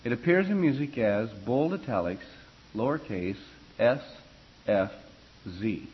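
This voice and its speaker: A man's voice: medium pitch, lively intonation, unhurried, dull audio. A man teaching a choir class on vocal expression, talking in a loose, conversational way and spelling out musical terms. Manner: conversational, rambling, fillers and restarts, spells out terms. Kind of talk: classroom lecture on singing.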